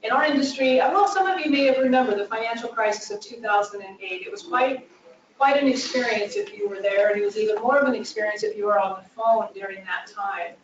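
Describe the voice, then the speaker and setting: A woman's voice: a little high, expressive, fast talker. A woman giving a phone-skills training presentation in an earnest way, with frequent "uh" and "um" fillers. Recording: echoey room from far off, dull and faintly noisy.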